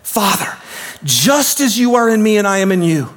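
A man preaching a sermon as pastor, swinging from shouts down to hushed, quiet lines. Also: high voice, big pitch swings, normal speed.

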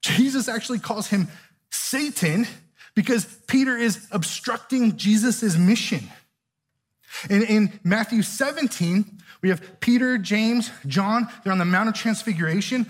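A man's voice: sits high, expressive, a little slow. A male pastor, preaching a conversational sermon and often checking in with "right?". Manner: conversational, keeps asking "right?".

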